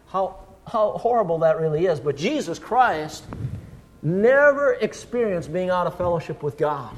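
A man preaching a sermon, dramatic, slowing down and rising for emphasis. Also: high-pitched, fairly bright tone, long reverb tail. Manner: dramatic, slows and rises for emphasis. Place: church.

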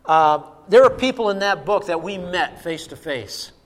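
Middle-aged male pastor, high-pitched, emphatic sermon delivery with hushed drops; long reverb of a church hall. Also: lively intonation, moderate pace.

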